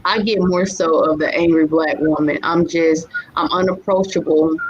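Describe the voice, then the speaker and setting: A woman's voice: deep voice, fairly even intonation, moderate pace, husky. A woman speaking bluntly and directly in a casual group chat. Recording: dull lo-fi sound with faint noise.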